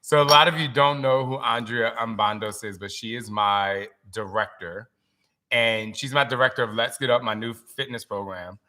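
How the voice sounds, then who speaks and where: A man in his forties hosting a casual live-stream chat, telling stories in an animated, emotional way. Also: mid-range voice, moderate pace.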